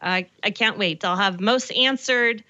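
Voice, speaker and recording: Woman in her forties, co-host, chatty with fillers, medium pitch, dry and slightly muffled audio. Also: a little slow, bright, forceful tone, no echo. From Colorado, USA. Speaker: show co-host. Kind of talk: casual chat.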